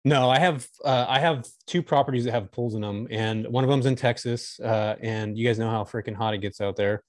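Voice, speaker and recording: A man's voice: mid-range voice, a little fast, darkish tone, no echo, clean studio sound. A man talking candidly and enthusiastically as a guest on a casual podcast chat. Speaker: guest, short-term rental host.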